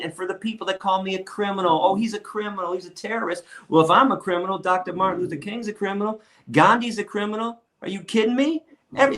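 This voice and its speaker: A man's voice: high voice, a bit bright. A man who is a guest on an interview show tells stories in an emphatic, defiant way and stacks repeated words when he gets worked up. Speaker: interview guest, activist lecturer. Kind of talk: storytelling in a casual interview.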